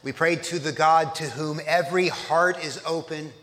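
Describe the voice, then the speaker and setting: A man's voice: a little high, fairly even intonation, normal speed, hardly any pauses, fairly bright tone, long reverb tail. A man preaching a sermon at a church service, telling the story in a conversational way and putting questions to his listeners.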